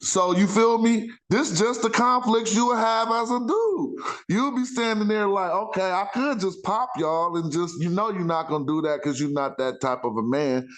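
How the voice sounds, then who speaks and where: A man's voice: sits high, normal speed, fairly bright tone. A man hosting a casual talk show, rambling in loose street slang with frequent self-interruptions. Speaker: podcast host. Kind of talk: casual chat.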